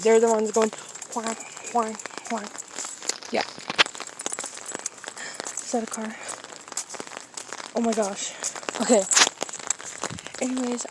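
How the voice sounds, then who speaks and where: A teenage girl chatting and rambling into a handheld phone while walking her dog outside in the rain. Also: fairly high pitch. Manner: rambling, giggly, chatty storytelling. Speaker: vlogger. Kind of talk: casual vlog chat. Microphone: handheld phone camera. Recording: rain noise over the voice. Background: rain on an umbrella.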